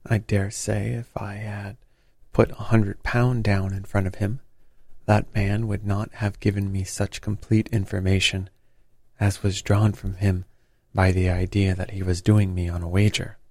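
A man voicing a confident detective who speaks in a crisp, assured, bland manner. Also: on the low side, flat delivery, measured pace, mellow, dry recording. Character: brisk, confident male detective, bland and knowing.

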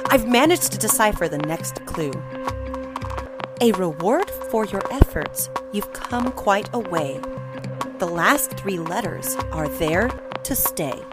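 A woman voicing a secretive figure on the run who leaves puzzle clues in an urgent, hushed manner. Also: mid-range voice, animated, slow pace. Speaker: mysterious voice in a podcast puzzle segment. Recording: clip with loud music behind.

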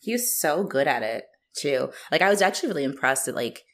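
A young woman co-hosting a podcast in casual chat, animated, laughing and swearing freely. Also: low voice, fairly quick.

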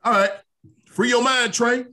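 A man's voice: extremely high pitch, fairly even intonation, unhurried, bright, forceful tone. A man hosting a podcast, opening the show with playful hype and casual banter. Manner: playful, hyped show opener. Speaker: podcast host.

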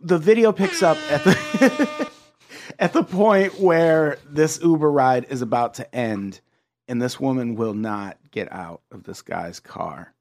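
A man hosting a podcast, telling a story in casual chat, animated and quick to laugh. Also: mid-range voice. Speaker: podcast host.

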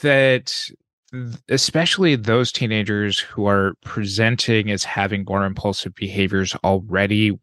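A man with a low voice explains things in a measured, clinical way, like a mental health clinician on a podcast. His recording is close and dry, with no room echo. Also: fairly bright tone. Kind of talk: professional podcast conversation.

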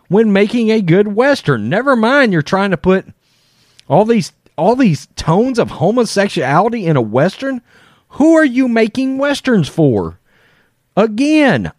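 A man delivers opinionated news commentary, blunt and profane. His voice sits high and swoops around a lot as he speaks slowly and deliberately. The sound is dry and close. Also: no echo.

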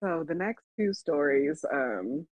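A woman's voice: low-pitched, slow, no room sound. A woman co-hosting a podcast, telling a story in casual chat and laughing often. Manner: laughs often, animated when quoting herself. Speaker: podcast co-host. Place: Las Vegas. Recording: dull lo-fi dry recording.

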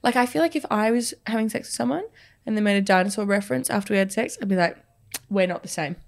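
A woman's voice: mid-range voice, racing, gravelly. A young woman, co-hosting a podcast in talkative, laughter-filled casual chat, full of "like". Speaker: podcast co-host.

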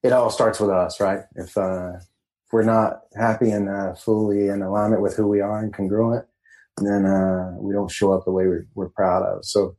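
Low-voiced laid-back man, halting. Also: flat delivery, mellow, low-quality recording. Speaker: guest, men's empowerment coach. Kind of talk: casual podcast interview.

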